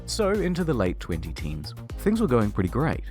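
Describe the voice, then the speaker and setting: A man's voice: medium pitch, huge pitch swings, normal speed, darkish tone, soft background music. A man giving a scripted, comedic narration with a dry, sarcastic delivery. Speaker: video essay narrator.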